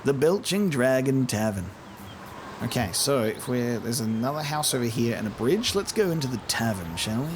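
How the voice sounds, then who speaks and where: A man's voice: mid-range voice, sing-song, normal speed, background noise. A man casually commenting on a game he is playing for the first time, chatty and profane, mimicking the characters now and then. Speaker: let's play host.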